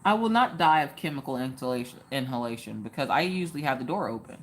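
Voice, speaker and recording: A woman's voice: rumbling low, lively intonation, fast, a little hiss or hum. A woman hosting a casual craft live stream, joking around and answering viewers in the chat by name.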